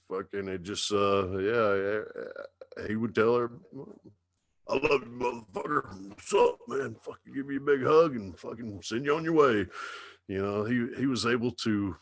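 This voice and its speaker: A man who works as a radio DJ, a podcast guest talking in a loose, profane, casual way with drawn-out asides. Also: mid-range voice, creaky, no echo. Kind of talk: casual chat.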